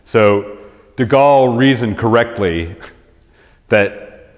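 A man giving a conversational history lecture to an audience, animated, acting out quotes in lively voices, with frequent restarts. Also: medium pitch, takes it slowly, lo-fi sound. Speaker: resident historian giving a talk. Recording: lecture hall reverb.

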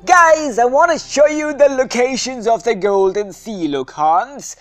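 A man hosting a gameplay video, chatting playfully and bursting into shouts and sing-song calls. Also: very high voice, measured pace, soft background music. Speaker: gaming video host. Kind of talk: gameplay commentary.

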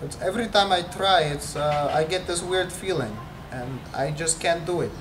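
A man's voice: fairly high pitch, normal speed, roomy sound, distant mic, noisy background, lightly acted. A teenage boy in a student film playing a shy, stammering Russian student with a put-on Russian accent. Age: teens. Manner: hesitant, stammering. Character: shy young Russian male student, nervous lovesick.

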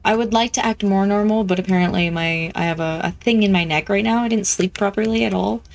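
A woman's voice: mid-range voice, brisk, creaky. Playful woman streaming a game. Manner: chatty, playful, easily excited. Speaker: gameplay streamer. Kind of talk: casual gameplay commentary.

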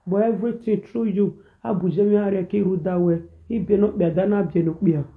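A Nigerian man delivers a preachy, repetitive rant in a reaction video, moving between pidgin and a local language. His voice sits high. The sound is thin and tinny, like a phone line. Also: steady tone, fairly quick. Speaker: social media commentator.

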